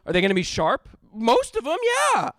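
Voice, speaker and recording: Gravelly young man doing stand-up. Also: extremely high pitch, wildly swooping pitch, brisk, a bit bright, no room sound. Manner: rambling, self-interrupting, laughs at own jokes. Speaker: stand-up comedian. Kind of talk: stand-up storytelling. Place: comedy club stage.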